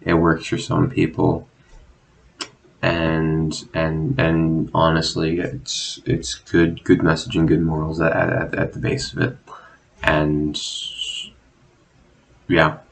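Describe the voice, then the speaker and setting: A young man talking casually in a rambling, self-deprecating monologue, swearing often and filling pauses with "like" and "um". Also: very deep voice, monotone, gravelly, faint music behind, low-quality recording. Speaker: vlogger. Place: at home, drinking.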